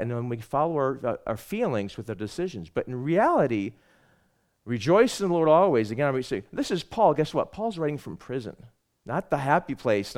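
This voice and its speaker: A man preaching a Sunday sermon as pastor, swinging between loud emphasis and hushed asides. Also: a little high.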